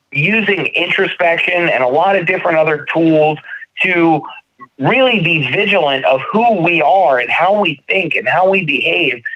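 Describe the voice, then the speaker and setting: Male co-host, 30s, animated storyteller who curses freely; slightly high voice, muffled lo-fi recording. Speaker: podcast co-host. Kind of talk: casual chat. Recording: dull lo-fi sound.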